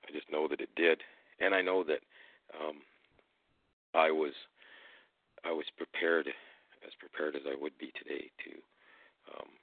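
A man with a very deep, gravelly voice speaks in a deliberate, unhurried way, turning pointed and combative when challenged. His voice comes through a thin, tinny phone-like line with a dry, close sound. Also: no echo. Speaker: guest speaker. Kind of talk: casual storytelling and argument.

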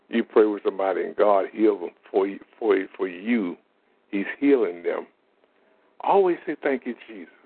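A man's voice: lowish voice, breathy edge. A man, telling faith-healing stories in a plain-spoken, folksy way as a lay minister. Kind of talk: informal testimony monologue. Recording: tinny phone-like audio.

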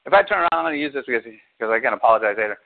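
A man's voice: medium pitch, lively intonation, very fast, vocal fry. A male pastor preaching a sermon, talking to his congregation with lots of rhetorical questions. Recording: phone-like narrow sound.

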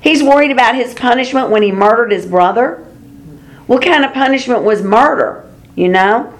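Bible study teacher, woman, fairly high voice, chatty with rhetorical asides. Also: animated, normal speed. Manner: conversational, chuckles, explains with rhetorical asides.

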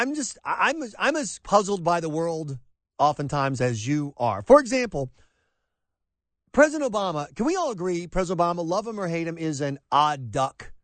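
A man hosting a talk radio show, excitable and exasperated, stammering and restarting as he talks in a studio. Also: a little high, no echo.

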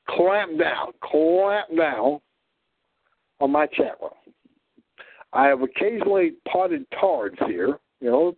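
An older man with a Southwest Missouri drawl, mixing prairie and Ozark sounds, hosting a rambling radio monologue full of halting restarts. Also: on the high side, no room sound. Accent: Southwest Missouri, mix of prairie drawl and Ozark. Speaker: radio show host. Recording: thin phone-like dry audio.

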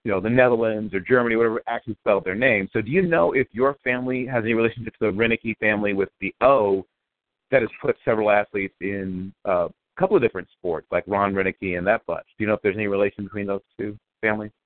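A man's voice: on the low side, quick pace. Radio host guy asking long rambly questions, sounds like he's on a phone line. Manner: chatty, long winding questions with restarts. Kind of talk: interview on a football prospects radio show.

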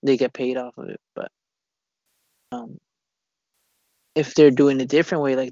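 A man in casual chat, rambling and halting, swearing often and restarting his sentences. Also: medium pitch, steady tone, gravelly, darkish tone, no room sound. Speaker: conversation partner. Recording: dull lo-fi recording.

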